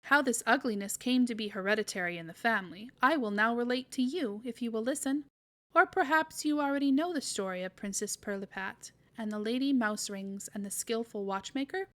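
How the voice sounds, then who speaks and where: A woman voicing an eccentric older male godfather, a clockmaker, in a grating, monotonous tone in a read-aloud storybook. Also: fairly high pitch, natural voice. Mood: genial. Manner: sing-song chanting, slowed down.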